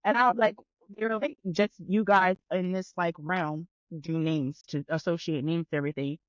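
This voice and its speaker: A woman guest on a podcast telling a story in casual chat, animated and profane, acting out both sides of the conversation. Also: lowish voice, moderate pace, no echo, lo-fi sound.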